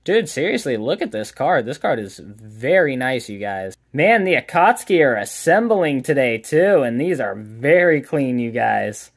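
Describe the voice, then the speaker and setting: Male host, mid-pitched voice, upbeat casual card opening commentary, names every pull. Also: big pitch swings, measured pace, hardly any pauses. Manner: upbeat, chatty, calls out each card as pulled. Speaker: card collector and channel host.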